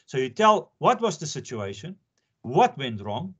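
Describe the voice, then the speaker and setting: A man lectures on law, conversational and emphatic, often repeating himself to drive a point home. His voice sits on the higher side for a man. The recording sounds dull and lo-fi. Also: big pitch swings, a little slow, husky. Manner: repetitive, emphatic, conversational teaching.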